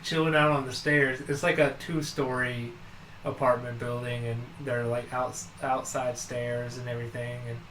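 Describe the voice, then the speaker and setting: A man's voice: mid-range voice, fairly bright tone. A man co-hosting a casual podcast, rambling through a story with lots of "uh" and "like". His voice sits in an ordinary middle range. It carries a roomy echo over a faint hiss. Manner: rambling storyteller, many fillers and restarts. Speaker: podcast co-host. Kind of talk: casual chat.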